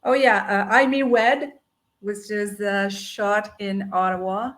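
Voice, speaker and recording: A woman's voice: mid-range voice, steady tone, slow, a bit bright. Friendly woman guest from Montreal. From Montreal, Canada. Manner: friendly, easygoing, laughs lightly. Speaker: guest casting director. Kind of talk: casual interview over video call.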